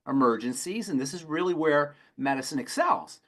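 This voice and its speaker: A man, a pharmacist on a health show, answering questions in an emphatic, rapid-fire way and repeating his key phrases. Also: fairly high pitch, expressive, fairly bright tone. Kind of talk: call-in health talk.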